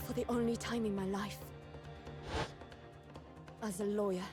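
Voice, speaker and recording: A woman voicing an earnest, formal young woman in a game, speaking in a measured, polite way. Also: mid-range voice, fairly even intonation, music in the background, natural voice. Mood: wistful. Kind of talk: game voice acting.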